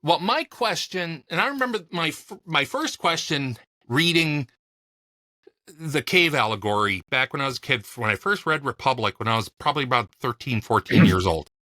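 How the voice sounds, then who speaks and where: A man's voice: fairly high pitch, animated, moderate pace, bright, forceful tone, dry recording. A man co-hosting a podcast, joking and musing in casual chat. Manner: jokey, discursive. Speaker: podcast co-host.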